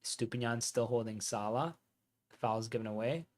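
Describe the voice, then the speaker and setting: A man streaming live football watch-along commentary, reacting excitedly as a fan and chatting with viewers. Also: mid-range voice, normal speed.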